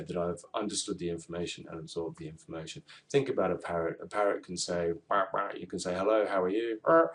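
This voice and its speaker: Deep-voiced male university tutor. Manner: explanatory, with fillers and self-corrections. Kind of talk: recorded lecture on assignment referencing.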